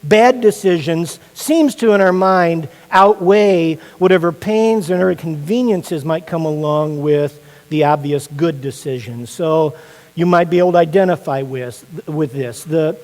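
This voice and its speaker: A man's voice: on the high side, a little slow, darkish tone, in a large hall, rough recording. A male pastor from Indiana preaching a sermon in a joking, conversational storytelling way.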